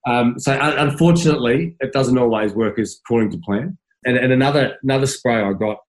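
A man's voice: medium pitch, darkish tone, poor audio. An Australian man, a former footballer, telling stories in a casual interview, stumbling over restarts and laughing as he goes.

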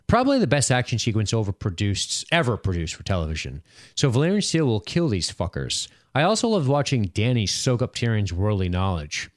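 Young male podcast co-host, low and animated, casual and profane, dry close recording. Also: fairly quick, no echo. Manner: laughs often, swears casually, lively delivery. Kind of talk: casual chat reading listener comments.

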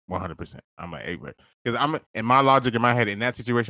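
A man co-hosting a podcast, telling a wild comic story in a loose, profane way, laughing often and jumping into squeaky high voices. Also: very animated, moderate pace, pauses often, sharp tone, no echo. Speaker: podcast co-host. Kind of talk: casual comedic storytelling.

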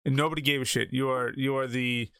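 Bright, crisp ranting man. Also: mid-range voice, fairly even intonation, fast, dry recording, studio quality. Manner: ranting, exasperated, blunt. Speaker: podcast co-host. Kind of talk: casual sports podcast rant.

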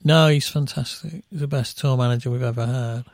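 Middle-aged English musician, gravelly, dry close sound, rambling raconteur. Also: male voice, medium pitch, a little fast, dry recording. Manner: rambling storyteller with restarts, laughing at his own stories. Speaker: band musician guest. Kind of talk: casual anecdotal chat.

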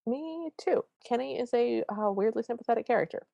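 A woman co-hosting a podcast, recapping a movie in wry, quick, casual chat. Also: on the high side, expressive, vocal fry, warm tone, no echo, highs cut off. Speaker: podcast co-host.

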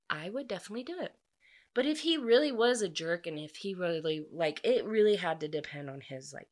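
A young woman casually retelling a book's plot in a chatty, animated way, full of filler "likes". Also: lowish voice. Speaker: book vlogger.

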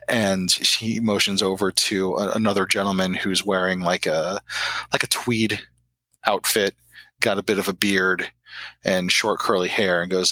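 Man as game master. Bright, lowish voice, dry sound, halting scene descriptions. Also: level tone, no echo, poor audio. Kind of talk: narrating a tabletop game.

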